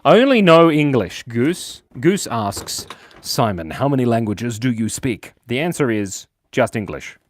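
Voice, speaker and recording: Lively Australian man chatting on a livestream. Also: mid-range voice, measured pace, a little hiss or hum. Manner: chatty, jokey, reads chat aloud, laughs often. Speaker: livestream host and cartoonist. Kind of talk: casual livestream chat while drawing.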